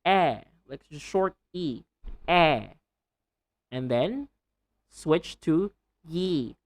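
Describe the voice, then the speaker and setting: A woman with a low voice teaches English pronunciation, and her pitch swings widely as she repeats each sound and word. She drills slowly and deliberately, breaking in with playful jokes. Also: expressive. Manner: drills sounds and words over and over, slow and deliberate; playful, jokey asides. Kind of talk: pronunciation lesson.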